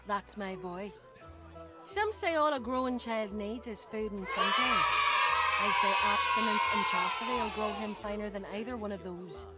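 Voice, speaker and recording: A woman's voice: mid-range voice, normal speed, over loud music, over a noisy crowd, natural voice. An actress playing a chatty, fond middle-aged tavern keeper in a game who dotes on her son. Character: doting middle-aged female tavern keeper and proud mother.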